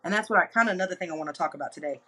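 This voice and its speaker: A woman in her thirties hosting a show, talking candidly and chattily to viewers, slipping into lively quoted asides. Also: lowish voice, very fast, breathy edge, rough recording. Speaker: host. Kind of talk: candid personal talk to viewers.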